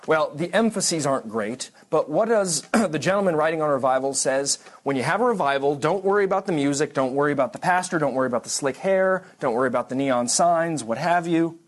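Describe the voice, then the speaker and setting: A man's voice: fairly high pitch, animated, a little fast, few pauses. A man giving a church history lecture to a congregation class, conversational and digressive, with frequent restarts and dry asides.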